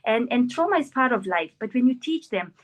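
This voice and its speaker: A woman's voice: a little high, fairly quick, low-quality recording. A woman, a life coach, earnestly answering interview questions about parenting and acting out what parents and children say. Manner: earnest, animated, acts out quoted parents and children. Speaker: NLP practitioner and life coach.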